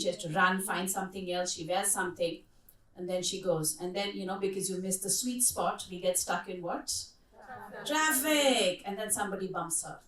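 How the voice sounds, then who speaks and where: A middle-aged woman leading a workshop, telling stories and asking the audience questions. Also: on the low side. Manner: lively storytelling, asks the audience questions. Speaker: workshop speaker. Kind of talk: interactive workshop talk. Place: conference hall. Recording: echoey hall, voice from far off mic.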